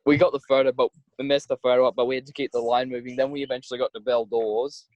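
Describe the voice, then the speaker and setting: A man's voice: mid-range voice, level tone, quick pace, a little mellow, no echo. A young Australian man in his twenties, co-hosting a podcast and telling a rambling story with many restarts. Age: 20s. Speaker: podcast co-host. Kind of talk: casual chat, storytelling. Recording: dry, dull lo-fi podcast audio.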